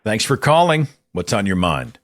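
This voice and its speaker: Hosting a relaxed call-in program, this Oklahoma man speaks with the accent of his home state. He's lively and quick to laugh, his voice leaping higher each time he drives a point home.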